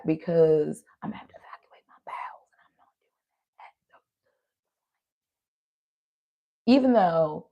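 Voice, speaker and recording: The recording is dull, and the woman's voice is lowish with a darkish tone. Giving a casual tarot reading in a slight Southern country accent, she's chatty and tired from an overnight drive, speaks to viewers as y'all, and keeps adding "right?"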